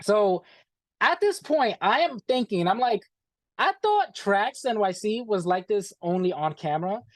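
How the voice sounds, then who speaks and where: A man telling a story as an interview guest, animated and profane, acting out what people said and calling the listener "bro". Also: high-pitched, a little slow, no echo. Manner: animated, profane, acts out quoted dialogue, says "bro". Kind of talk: casual storytelling.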